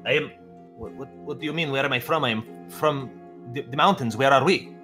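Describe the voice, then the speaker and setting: A man doing a halting elf with a thick put-on accent. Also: a little high, very animated, sharp tone, soft background music, full character voice. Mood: earnest. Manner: halting, clipped grammar. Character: wary male elf NPC with a put-on Russian-style accent.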